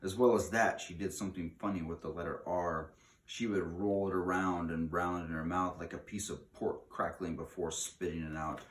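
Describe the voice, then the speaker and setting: A man reading a children's book aloud in an expressive way, slowing down for dramatic emphasis. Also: low voice, slight background noise. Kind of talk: read-aloud storytelling. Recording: echoey room.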